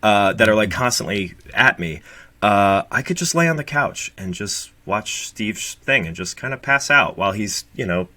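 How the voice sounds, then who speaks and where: A man's voice: on the low side, expressive, moderate pace, pushed and bright, dry recording. A man in his late thirties, a guest co-host in casual, rambling podcast chat, swearing and joking. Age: late 30s. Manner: rambling, profane, jokey.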